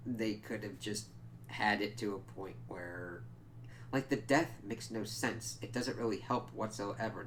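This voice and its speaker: A man giving a casual, profane review of a TV episode, ranting in exasperation and breaking into loud outbursts. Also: lowish voice, a little hiss or hum.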